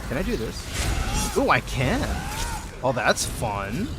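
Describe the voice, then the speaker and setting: A man's voice: medium pitch, takes it slowly, over music. A man streaming a group dungeon run, chatting casually and joking with his game and viewers. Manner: animated, joking, talks to his game and chat. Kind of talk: casual gameplay chat.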